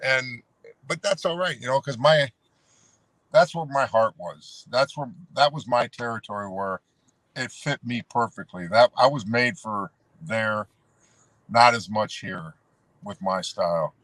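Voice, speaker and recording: A man spins a loose, rambling yarn about his wrestling days, dropping "brother" and "you know" as he goes. His voice sits in a middle pitch. The sound is dry and close, with no room around it. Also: unhurried, fairly bright tone, no room sound. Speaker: guest, former pro wrestler. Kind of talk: casual storytelling.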